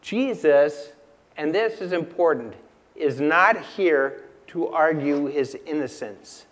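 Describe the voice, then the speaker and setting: A man preaching a sermon in a church, emphatic and unhurried, asking the congregation rhetorical questions and repeating key lines. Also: a little high, expressive. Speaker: pastor.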